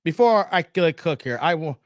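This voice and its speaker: A man's voice: fairly high pitch, animated, a little fast, dry recording, studio quality. A man in his forties hosting a live stream, reacting to clips and talking straight to his chat viewers. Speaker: livestream host.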